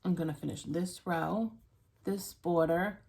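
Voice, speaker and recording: A woman's voice: on the low side, measured pace, creaky, a little mellow. A woman hosting a stitching vlog, chatting casually to viewers, out of breath, rambling with many ums and restarts.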